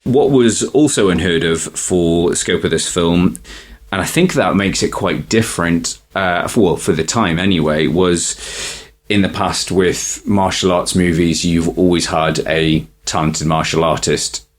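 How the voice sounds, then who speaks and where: A man's voice: sits low, unhurried. A man co-hosting a casual film podcast, explaining trivia in a rambling way with many restarts. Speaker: podcast co-host.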